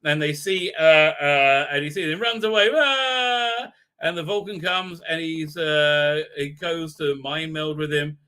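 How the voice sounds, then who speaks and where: Bright-voiced man rambling through a recap. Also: on the high side, fairly even intonation, unhurried, hardly any pauses. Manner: rambling, filler-heavy, irreverent. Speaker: show host. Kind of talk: live stream episode recap.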